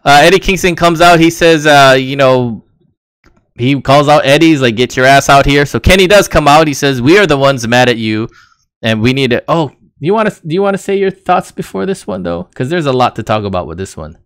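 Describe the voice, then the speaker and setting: A man's voice: a little high, lively intonation, brisk, fairly bright tone, clean tone, no echo. A man co-hosting a casual wrestling recap podcast, rambling and laughing as he retells the action. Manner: rambling, laughs while recounting. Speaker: podcast co-host.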